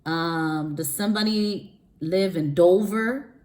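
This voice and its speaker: A woman's voice: lowish voice, takes it slowly, a little mellow. A woman giving a casual spiritual reading, rambling and chatty with frequent restarts and laughs. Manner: laughs often between phrases. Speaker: spiritual reader. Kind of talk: casual spiritual vlog talk.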